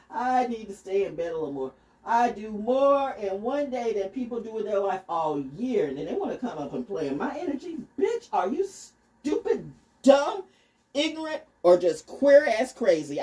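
A woman broadcaster ranting off the cuff in a brash, profane way, sliding from low mutters to loud squeals. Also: breathy edge. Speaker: voice actor and broadcaster. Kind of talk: off-the-cuff rant and freestyle.

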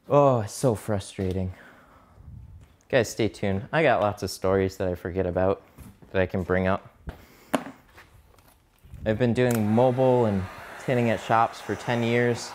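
A man who does mobile window tinting, chatting casually and swearing a bit on a live stream while he works and hunts for his tools. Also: on the low side. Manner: casual, profane, chatty, distracted while working. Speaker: mobile window tint installer.

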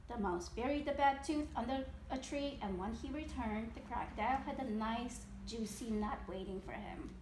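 Reading a picture book to a child, this mother speaks at normal speed with hardly any pauses, her high, bright voice giving every line a lively, expressive rise. Her home room echoes, and a faint hiss runs underneath.

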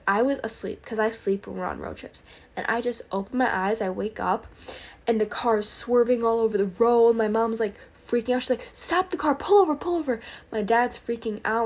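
A tired-sounding young woman gives a casual faith testimony on a late-night livestream, telling earnest stories in a breathless rush and whispering prayers along the way. Her pitch is medium, with noticeable vocal fry.

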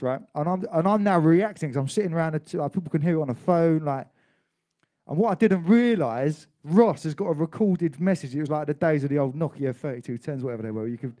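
A man's voice: fairly high pitch, mellow. A young man, a saxophonist co-hosting a livestream, telling a story in chatty, laddish banter. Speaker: saxophonist and co-host. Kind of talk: casual livestream chat and storytelling.

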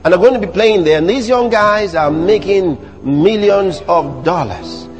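A man with a Nigerian accent preaching a sermon in church, animated and teasing the congregation. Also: sits high, unhurried, long reverb tail. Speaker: pastor. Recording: music playing behind the sermon.

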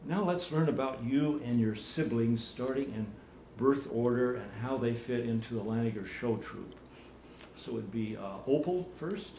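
A man working as an archivist, conducting an oral history interview in a formal, measured way in a library community room. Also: mid-range voice, dark tone. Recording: roomy room, faint background noise.

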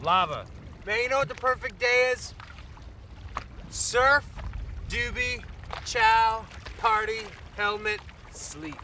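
An actor playing a mellow island surf instructor who talks in relaxed surfer slang, recorded outdoors by the water. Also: male voice, very high voice, takes it slowly, creaky, long pauses, slight background noise, exaggerated voice. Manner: laid-back surfer slang. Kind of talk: improvised film outtake.

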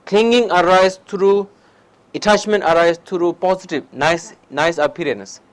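Young Nepali-accented male teacher, high-pitched, storytelling dharma talk to an audience. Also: measured pace, low-quality recording. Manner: non-native English, animated anecdotes, frequent "huh?" asides. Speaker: meditation teacher. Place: lecture hall before an audience.

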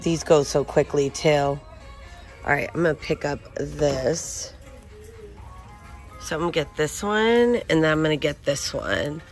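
Slow-talking woman reading price tags. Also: sits low, faint music behind. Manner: chatty, reads out prices and labels. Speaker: shopping vlogger. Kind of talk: casual store walkthrough narration. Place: inside a large retail store.

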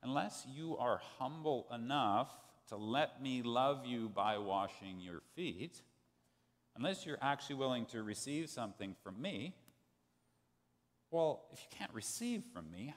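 A man preaching a sermon as pastor, telling a story in an animated way and acting out the quoted voices. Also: medium pitch, measured pace. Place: church sanctuary. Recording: long church hall reverb.

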